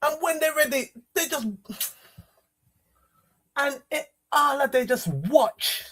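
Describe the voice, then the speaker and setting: A man's voice: very high voice, slow pace, fairly bright tone. A man talking in a rambling, repetitive and emotional way, streaming outdoors near trees. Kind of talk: casual rambling monologue.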